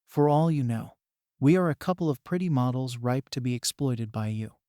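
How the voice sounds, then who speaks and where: A man's voice: mid-range voice, animated, moderate pace, warm tone, no room sound, lightly acted. A man voicing a bold young girl who coldly threatens an adult, in a dry, close sound. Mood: defiant. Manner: cold, defiant, threatening.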